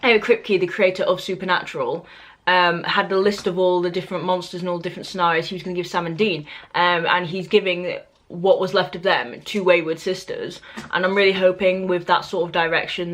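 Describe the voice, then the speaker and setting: A young woman with a British accent talks straight to camera in a casual review vlog, her voice sitting a bit low. She is opinionated and loose, full of fillers, restarts and asides. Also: flat delivery, fairly quick. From Britain. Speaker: book and TV reviewer.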